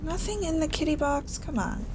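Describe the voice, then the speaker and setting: A woman's voice: high-pitched, moderate pace, over music. A woman casually commenting on a horror game she is playing, chatty and sarcastic, sometimes dropping to a whisper. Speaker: gaming streamer. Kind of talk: casual let's-play commentary.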